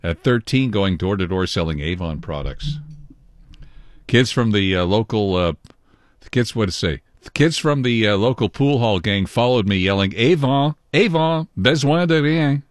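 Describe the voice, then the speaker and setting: Brief: male talk radio host, very deep voice, relaxed and halting, dry close studio mic. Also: no echo. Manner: easygoing, halting with fillers. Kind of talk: morning radio show.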